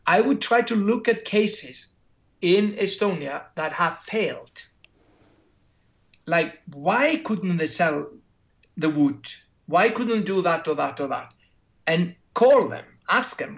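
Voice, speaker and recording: A man with a high voice shares lessons from his career in a relaxed interview. He acts out conversations and restarts and repeats phrases as he thinks. The recording sounds dull and lo-fi. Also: a little slow, vocal fry. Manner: acts out imagined dialogues, repeats words, restarts. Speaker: interviewee, creator and entrepreneur. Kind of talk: casual interview storytelling. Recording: dull lo-fi audio.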